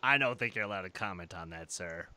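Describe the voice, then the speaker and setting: A man's voice: low-pitched, expressive, fast talker, pushed and bright. A man hosting a casual podcast chat, talking enthusiastically in long rambling stretches and laughing often. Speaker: podcast host.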